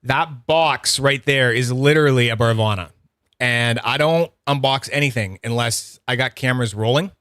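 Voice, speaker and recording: A man's voice: mid-range voice, moderate pace, fairly bright tone, clear, resonant tone, no room sound, studio quality. A man hosting a casual livestream review, rambling and chatty, swearing freely and greeting viewers by name. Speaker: host of a livestream review channel.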